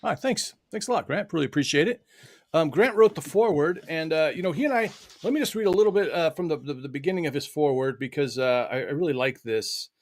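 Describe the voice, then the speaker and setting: A man's voice: a little high, expressive, quick pace, no room sound. Chatty American man hosting a livestream. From United States. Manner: loose, chatty, with many fillers and laughs. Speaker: host of an online book launch. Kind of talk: casual livestream chat. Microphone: video call.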